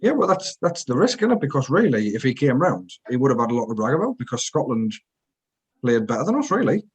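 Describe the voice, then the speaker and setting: A man of ordinary pitch co-hosts a relaxed chat outdoors at a barbecue. He curses freely and tells his stories with real animation. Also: quick pace, breathy edge. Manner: sweary, animated storytelling. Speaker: co-host. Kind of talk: casual banter.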